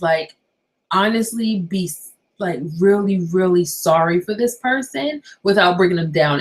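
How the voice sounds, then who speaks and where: A young woman vlogging casually from her bedroom at night, chatty and animated, firing rhetorical questions at her viewers. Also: medium pitch, poor audio. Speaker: YouTuber. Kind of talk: casual vlog talk to viewers.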